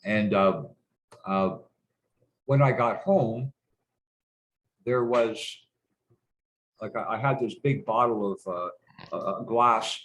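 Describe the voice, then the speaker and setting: A man's voice: on the low side, slow, pauses often, a bit bright, rough recording. A middle-aged man telling stories as a guest in a casual conversation, rambling and hesitant, stopping and restarting, with frequent swearing. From Canada.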